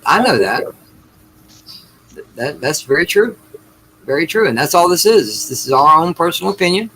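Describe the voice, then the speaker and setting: Bright-voiced sarcastic man co-hosting. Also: fairly high pitch, animated, moderate pace, a little hiss or hum, poor audio. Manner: joking, sarcastic, swears freely. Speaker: podcast co-host. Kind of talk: casual movie review chat.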